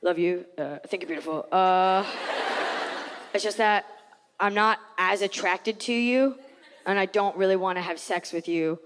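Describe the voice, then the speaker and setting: A woman voicing her fiancé as a halting young man who hems and haws, in a reverberant theater. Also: mid-range voice, a little hiss or hum, pitched below the performer's own voice, lightly acted. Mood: awkward. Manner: halting, full of uh's.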